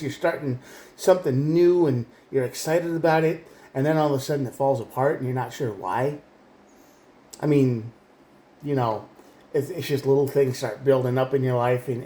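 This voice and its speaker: Mellow-voiced man giving a tarot reading. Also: medium pitch, reverberant. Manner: rambling, emphatic, with frequent restarts. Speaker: tarot reader.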